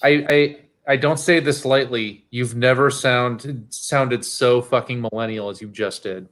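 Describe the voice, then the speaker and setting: A man's voice: medium pitch, steady tone, measured pace, fairly bright tone. A man chatting as a guest on a casual drinks show, playfully teasing the host. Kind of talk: casual chat.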